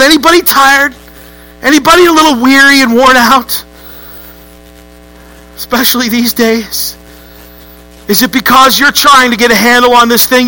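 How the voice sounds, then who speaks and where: A man preaching a lively, joking sermon to a church congregation. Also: extremely high pitch, poor audio. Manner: lively, joking, acts out voices with rising outbursts. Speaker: pastor.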